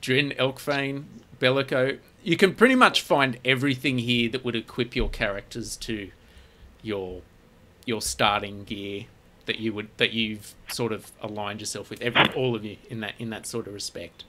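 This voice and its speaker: A man's voice: medium pitch, steady tone, moderate pace, pushed and bright, slight background noise. A man narrating a tabletop game as game master, in loose, rambling narration with fillers.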